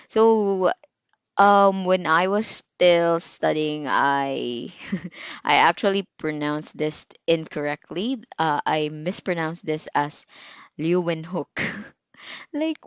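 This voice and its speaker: Low, slow-talking Filipino woman teacher. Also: smooth, dry recording. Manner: chatty, with fillers and self-asides, quizzing students. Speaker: medical technology teacher. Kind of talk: recorded online lecture.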